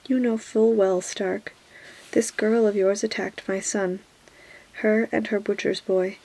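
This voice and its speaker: A woman's voice: mid-range voice, fairly even intonation, measured pace, creaky, poor audio. A woman whispering a cold haughty queen. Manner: soft whisper. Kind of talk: whispered role-play.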